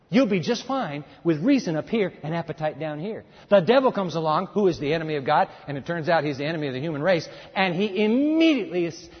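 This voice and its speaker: A man preaching a sermon in an animated way, acting out voices and urging his listeners to join in. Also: high-pitched, slightly rough. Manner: animated, acts out voices, urges the audience. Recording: echoey hall, dull lo-fi sound.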